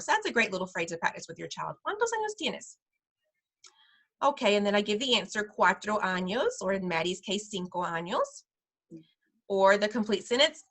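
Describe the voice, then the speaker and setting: A woman teaching parents simple Spanish phrases in an online class, patient and slowing down over each phrase. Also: mid-range voice, fairly bright tone. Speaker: preschool director teaching parents.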